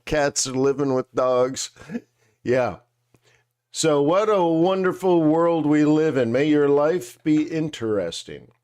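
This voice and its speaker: A man's voice: fairly high pitch, slow pace, a little mellow, clean tone. A man hosting a live market show, chatting casually and joking, eating and drinking on air. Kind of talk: casual live-stream chat.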